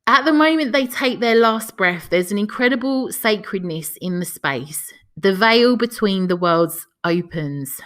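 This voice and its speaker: A woman's voice: medium pitch, animated, measured pace, hardly any pauses. Emotional woman podcast host, near tears. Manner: soft, emotional, close to tears. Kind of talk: reading aloud and casual podcast chat.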